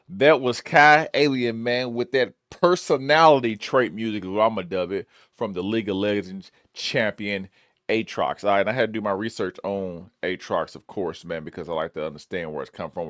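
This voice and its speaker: A man's voice: on the low side, fairly bright tone, no room sound, clean studio sound. A man hosting a music reaction show, talking casually and laid-back with lots of "like" and "man". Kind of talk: casual chat.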